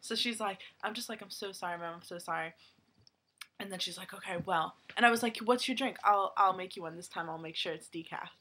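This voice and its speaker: A woman's voice: medium pitch, fast talker, hardly any pauses, slight background noise. A young woman telling a work story in casual chat, acting out the people she quotes. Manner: animated, acts out customers in quoted voices.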